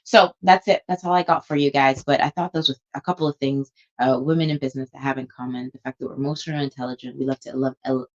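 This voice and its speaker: A woman's voice: rumbling low, fairly even intonation, fast talker, hardly any pauses, lo-fi sound. A young woman and stylist chatting casually to camera at home, rambling and enthusiastic. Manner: chatty, rambling, warm with customers. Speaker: vlogger and stylist.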